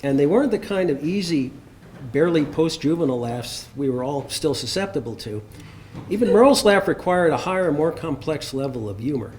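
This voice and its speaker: A man reads written tributes aloud at a memorial service in a fond, lightly amused way. His voice sits a bit high for a man. A faint noise hums behind him. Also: animated, brisk. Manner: warm, fond reading, often laughing.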